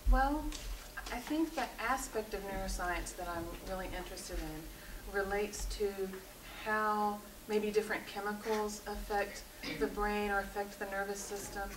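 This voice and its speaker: A woman from Tennessee, a mock graduate applicant, giving earnest answers with filler pauses. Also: medium pitch. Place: seminar room. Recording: roomy, distant, noisy room recording.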